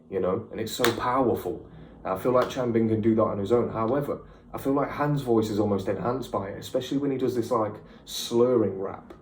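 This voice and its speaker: A young British man doing a casual, excitable music reaction, chatty and slangy, with the odd swear. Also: mid-range voice, reverberant, slight background noise. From United Kingdom.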